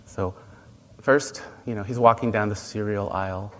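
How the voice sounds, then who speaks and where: A man giving a dharma talk as a Buddhist teacher, gentle and unhurried, telling stories with pauses. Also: fairly low pitch, fairly even intonation. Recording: long reverb, faint noise.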